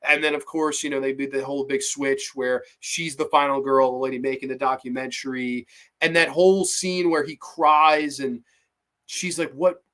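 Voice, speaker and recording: A man hosting a horror podcast livestream, ranting in a profane, animated way with frequent stammered restarts. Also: mid-range voice, moderate pace. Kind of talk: casual livestream chat.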